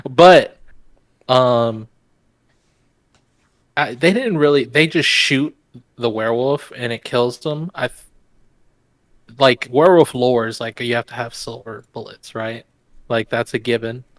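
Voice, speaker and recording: A man's voice: mid-range voice, a little slow, pauses often, no echo. A man co-hosting a casual movie podcast, talking in a profane, sarcastic way and acting out quotes from the film. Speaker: podcast co-host.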